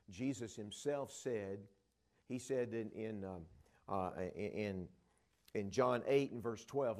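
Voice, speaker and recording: A middle-aged preacher from the Dallas area of Texas retells Bible scenes, acting out the voices of the disciples. His voice is medium-pitched and a little mellow.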